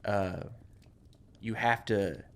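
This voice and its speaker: A man co-hosting a comedy podcast, pitching movie ideas in a loose, playful way. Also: steady tone, drawn-out words. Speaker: podcast co-host. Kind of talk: casual comedy brainstorming.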